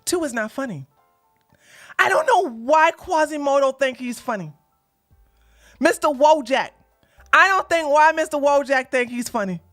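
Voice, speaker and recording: A woman streamer giving live reaction commentary, mocking what she watches and often laughing and breaking into shouts. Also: sits high, lively intonation, measured pace, pauses often, soft background music.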